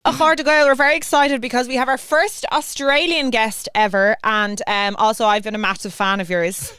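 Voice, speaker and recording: Bubbly Irish woman host, smooth voice. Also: on the high side, fairly even intonation, normal speed, a bit bright, no echo. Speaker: podcast co-host. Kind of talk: casual podcast chat.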